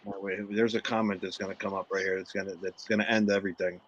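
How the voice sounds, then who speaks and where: A man's voice: low-pitched, level tone, quick pace, fairly bright tone, lo-fi sound. A man hosting a casual podcast, upbeat, reading out and thanking viewers' comments. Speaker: podcast host reading live chat. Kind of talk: casual chat.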